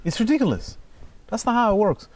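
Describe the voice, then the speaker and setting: A man speaking as an interview guest, telling stories in an animated, emphatic way and swearing freely. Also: high-pitched, fairly quick, distant mic. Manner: animated, profane, emphatic storyteller. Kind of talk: casual conversation.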